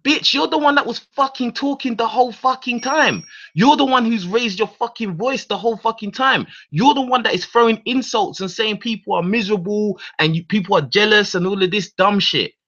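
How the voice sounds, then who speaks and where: A man's voice: sits high, a little fast, hardly any pauses, a bit bright. A man hosting his own radio show, ranting in a heated, profane monologue full of repeated words and restarts. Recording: dull lo-fi recording.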